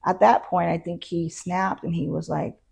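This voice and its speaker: A woman's voice: fairly low pitch, normal speed, creaky, husky. A woman, a county constable, tells her story in an interview, acting out the exchanges and using frequent fillers. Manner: animated retelling that acts out quoted exchanges; frequent fillers like "you know" and "um". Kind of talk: first-person storytelling in an interview.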